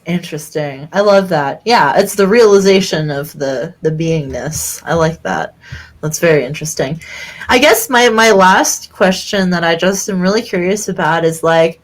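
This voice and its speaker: Hesitant woman interviewer, lowish voice. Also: animated, normal speed. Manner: hesitant questions full of "like". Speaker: interviewer, host. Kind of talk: casual interview.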